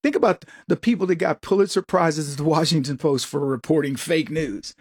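A man's voice: a little fast, breathy edge, no echo, studio quality. A middle-aged American man hosting an opinionated commentary show, talking animatedly and jumping into quoted voices. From United States. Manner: animated, jumps into higher-pitched quoted voices.

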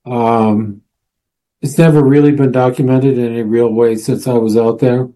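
A man's voice: mid-range voice, steady tone, moderate pace, dark tone. A man, a guest researcher and author, telling a long story in a casual interview, with many fillers and restarts.

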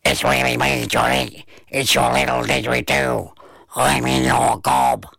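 A man voicing a cheerful talking didgeridoo hiding in a boy's mouth, speaking slowly and deeply with an Australian accent. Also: creaky, pushed and bright, husky, no echo, clean studio sound, full character voice.

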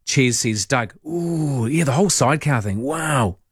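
A man's voice: mid-range voice, expressive, unhurried, husky, no echo. Male talk radio host, Italian accent, wry and dry, close studio mic with no room sound. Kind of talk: late-night talk radio, reading listener texts. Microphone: studio microphone.

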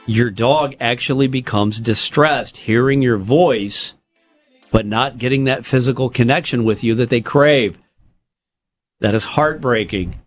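A chatty male radio co-host in a studio, talking at an everyday pitch with a faint music bed underneath. He reads out short news items and breaks into quick personal asides. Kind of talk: casual morning radio chat.

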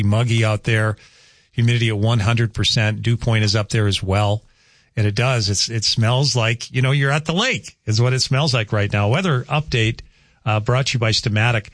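A man's voice: on the low side, no echo, studio quality. A man hosting a morning radio show, talking casually with lots of fillers and offhand jokes. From North Dakota. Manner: chatty, rambling, jokey with filler words. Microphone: studio microphone.

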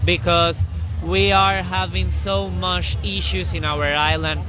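A young man from Puerto Rico, a university student, speaking earnestly and haltingly. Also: high-pitched, flat delivery, background noise. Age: young adult.

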